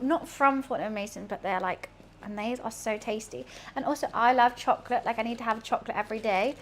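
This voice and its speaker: A woman's voice: a little high, fairly bright tone, a little hiss or hum. A young British woman streaming, chatting casually and rambling while she cooks, laughing often. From United Kingdom.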